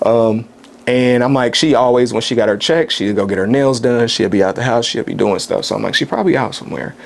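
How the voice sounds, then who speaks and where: Candid, soft-spoken man telling a story. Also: medium pitch, creaky. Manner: soft-spoken, candid, halting with many restarts. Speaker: podcast guest. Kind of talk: casual chat, personal storytelling.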